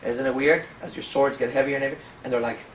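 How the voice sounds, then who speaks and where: A man giving a seminar talk as a dating coach, telling stories, swearing, and slowing into hypnotic suggestion. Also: medium pitch, fairly even intonation, fairly bright tone, a little hiss or hum. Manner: profane, storytelling, slows into hypnotic suggestion. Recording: echoey room from far off.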